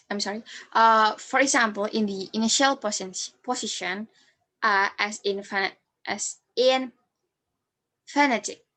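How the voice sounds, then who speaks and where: A young woman whose first language is Indonesian talks through a student presentation in English at a slow, unhurried pace. She halts often, filling gaps with "um" and correcting herself mid-word. Her pitch sits in an ordinary middle range. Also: sharp tone. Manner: halting, with fillers, restarts and self-corrections. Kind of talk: class presentation on phonetics.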